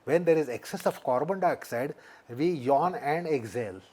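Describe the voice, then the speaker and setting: Deliberate Indian man explaining breath. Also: on the high side, expressive, a little mellow, husky. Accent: Indian English. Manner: deliberate and explanatory, repeats key points. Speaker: yoga teacher. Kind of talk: interview explanation.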